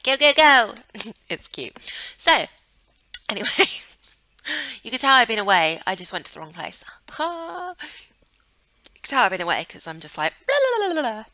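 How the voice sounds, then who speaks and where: A young woman hosting a gaming channel gives casual let's play commentary on a life-sim game, chatty, giggly and gushing over what she sees. Her voice is low, pushed and bright, with no echo.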